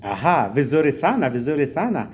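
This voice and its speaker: A teacher wearing a face mask, correcting students' pronunciation slowly and carefully, switching between two languages. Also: medium pitch, very animated, darkish tone, a little hiss or hum. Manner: slow, careful pronunciation drills, switching between Swahili and English. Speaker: Swahili teacher. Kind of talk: classroom teaching.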